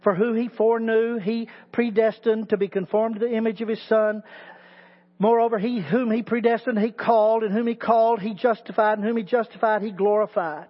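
A man with a very high voice delivers a sermon as teaching pastor, leaning hard on repeated words as he builds emphasis. The sound is muffled, and long reverb trails each phrase. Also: steady tone, brisk. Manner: preaching with rising emphatic repetition.

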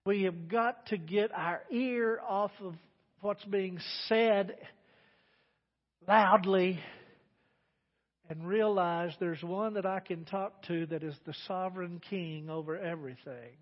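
A man preaching a sermon as pastor, with emphatic delivery that swings between loud declarations and quiet asides. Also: sits high, measured pace. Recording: dull, reverberant church sermon recording.

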